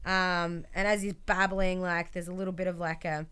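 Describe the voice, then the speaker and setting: A woman's voice: on the low side, flat delivery, normal speed, a bit bright, clean tone. A woman co-hosting a podcast, chatting casually as she recaps a wrestling show and acts out the quotes with lots of fillers. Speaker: podcast co-host.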